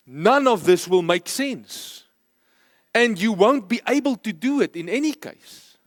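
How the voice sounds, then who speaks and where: Pastor guy, high voice, takes his time, repeats lines for emphasis. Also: no room sound, studio quality. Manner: emphatic, repeats key phrases, slows for stress. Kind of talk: sermon. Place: church.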